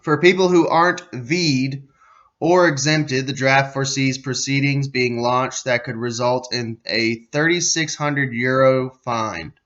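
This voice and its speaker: A man's voice: medium pitch, steady tone, unhurried, a bit bright, dull audio. An American man hosting a podcast, reading a news article aloud and breaking off into sarcastic, profane commentary, sometimes losing his place. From United States. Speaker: podcast host.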